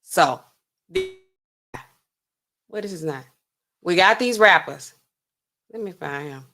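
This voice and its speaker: Here her voice is lowish, expressive and slow. She keeps up the chatty, sassy pharmacist livestream, addressing chat and laughing incredulously.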